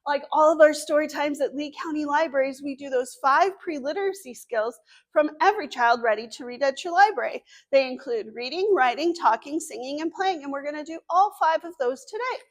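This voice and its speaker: A woman's voice: sits high, brisk. A woman children's librarian hosting an online story time. She gives cheerful, step-by-step instructions to small children.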